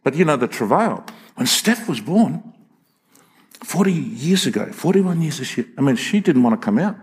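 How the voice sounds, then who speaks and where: An older man preaching with a husky, slightly breathy edge to his voice. He sits a little high for a man and tells his message in a folksy, emphatic way, often circling back and restarting mid-phrase. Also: sing-song, normal speed. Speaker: pastor. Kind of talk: sermon.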